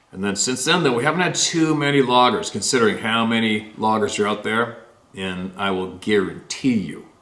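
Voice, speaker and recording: A man's voice: sits low, fairly bright tone, echoey room. A man hosting a show, reading a listener's letter aloud and then rambling casually about it with many fillers. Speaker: host reading listener stories.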